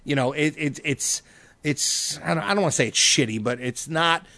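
Excitable, swearing podcast host man. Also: fairly high pitch, normal speed, no room sound. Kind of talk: casual chat.

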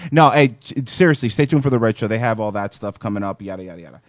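A man's voice: mid-range voice, fast, no room sound. A man hosting a radio show, bantering and joking with his co-hosts, swearing and laughing often.

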